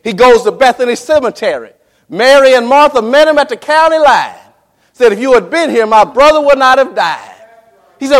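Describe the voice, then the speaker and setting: High-voiced fervent preacher man, echoing hall. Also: animated. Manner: fervent preaching with repeated calls to the congregation; dramatic pauses and emphatic repetition. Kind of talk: sermon. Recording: long reverb in a large hall.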